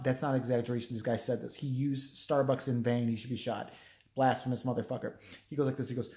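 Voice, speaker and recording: A man's voice: medium pitch, level tone, fast, mellow. A man telling a profane, sarcastic story in a rambling rant as a vlogger. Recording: roomy echo.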